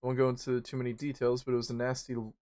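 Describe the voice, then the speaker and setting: Young male streamer, casual and crude, rambling with plenty of swearing, middle pitch, turns animated in anecdotes. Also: very fast. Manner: animated when retelling stories. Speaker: game streamer. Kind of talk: casual chat while gaming.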